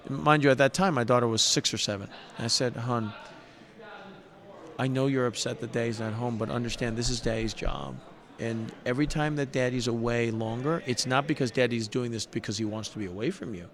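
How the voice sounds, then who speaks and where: Middle-aged man, poker guest, earnest heartfelt storytelling, mid-pitched voice. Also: a little fast. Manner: heartfelt, earnest, animated retelling with many restarts. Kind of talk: conversational storytelling.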